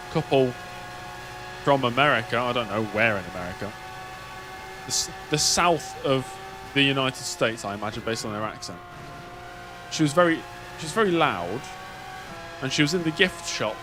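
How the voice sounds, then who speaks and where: A man's voice: mid-range voice, noisy background. A man streaming a racing game, chatting in a rambling, wry way. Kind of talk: casual live-stream chat while gaming.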